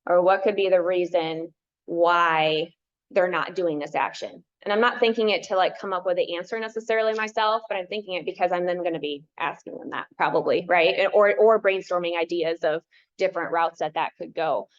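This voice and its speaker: A woman's voice: fairly low pitch, brisk. A woman coach talking casually to a workshop, thoughtfully explaining her approach step by step. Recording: dull lo-fi sound.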